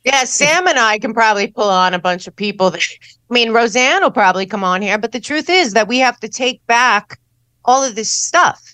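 Urgent female panel host, bright forceful tone, restarts mid-sentence. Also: fairly high pitch, expressive, moderate pace, no echo. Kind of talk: casual panel chat.

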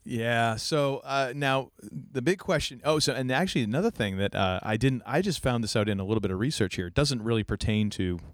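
A man's voice: medium pitch, expressive, fairly quick, few pauses, no echo, studio quality. Rambling, enthusiastic male podcast host. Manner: rambling, enthusiastic, many restarts. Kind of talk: casual chat.

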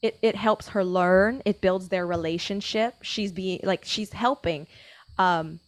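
A woman's voice: medium pitch, unhurried, no echo. A woman talking earnestly as a podcast guest in a casual faith conversation, with frequent filler words.

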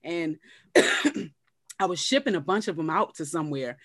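Animated woman telling a story, dry sound. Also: moderate pace, dry recording. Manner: animated storyteller, acts out quotes in shifting pitch. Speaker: guest comedian. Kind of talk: casual storytelling chat.

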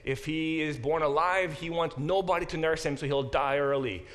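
A man teaching a Bible class as a professor, thinking aloud with restarts and slowing down to sound out Hebrew words. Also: on the high side, a bit bright. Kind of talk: classroom lecture.

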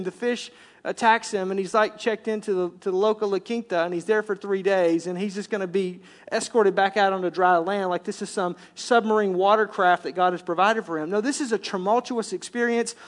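A man preaching a sermon as pastor, animated, often dropping to a hush for emphasis and acting out complaining voices. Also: high voice.

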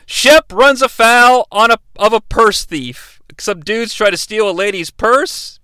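A man recapping a movie in an animated, joking commentary style. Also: high-pitched, measured pace, clean tone, dry recording. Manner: animated, joking, breaks into impressions. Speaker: movie reviewer.

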